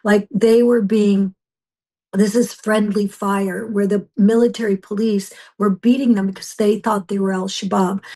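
Woman telling a fervent testimony, flat-toned. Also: mid-range voice, unhurried. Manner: intense, fervent storytelling with restarts. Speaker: missionary guest. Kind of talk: emotional personal testimony.

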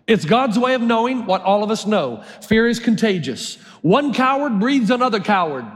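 High-voiced male pastor in a big hall. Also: sing-song, moderate pace, fairly bright tone. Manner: storytelling with acted voices, emphatic repetition. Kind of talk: sermon.

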